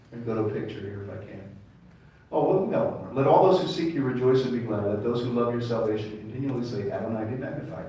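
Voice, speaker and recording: Preacher in an echoey hall. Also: male voice, mid-range voice, darkish tone, far from the mic, slight background noise. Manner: preaching with call-and-response questions to the congregation. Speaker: pastor. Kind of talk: sermon. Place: congregation hall. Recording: echoey room mic'd from afar.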